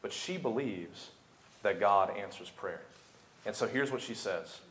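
A man's voice: lowish voice, expressive, a little slow, a little hiss or hum. A young man preaching a sermon, building to emphatic, repeated climaxes. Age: young adult. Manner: preaching with rising intensity and emphatic repetition. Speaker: pastor. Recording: echoey room.

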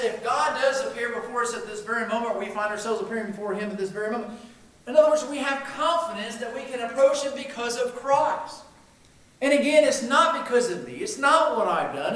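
A man preaching a sermon, emphatic, swinging between loud declarations and hushed lines. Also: extremely high pitch. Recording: very echoey room, mic at a distance.

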